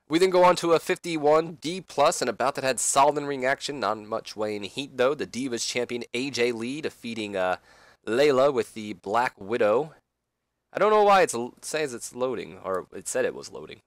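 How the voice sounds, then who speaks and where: A man's voice: lowish voice, no echo. A man doing casual game commentary, rambling with fillers and side remarks. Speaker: let's play commentator.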